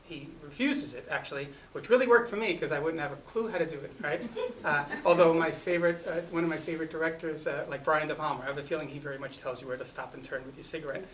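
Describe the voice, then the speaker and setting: A man's voice: fairly high pitch, quick pace, hardly any pauses, fairly bright tone. A man, a film director at a festival, telling a rambling casual anecdote full of "you know" and restarts. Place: festival event. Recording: distant mic with faint ambient noise.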